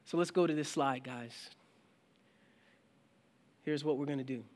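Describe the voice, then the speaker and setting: A man's voice: mid-range voice, a little slow, darkish tone. A male pastor preaching a sermon in a conversational way. He often restarts his sentences, and he acts out questions from his listeners. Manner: frequent restarts and filler phrases.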